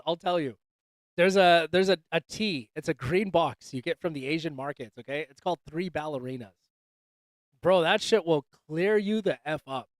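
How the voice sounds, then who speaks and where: A man's voice: high-pitched, no room sound. A man hosting a casual livestream chat, joking loosely and swearing, calling everyone dude and bro. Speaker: livestream host. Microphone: desk microphone.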